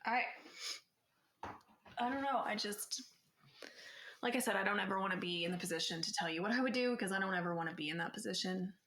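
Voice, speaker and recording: A woman's voice: mid-range voice, brisk, long pauses, slight background noise. Emphatic woman co-host in echoey room. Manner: emphatic, opinionated, animated. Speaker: podcast co-host. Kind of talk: casual true-crime chat. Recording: roomy echo.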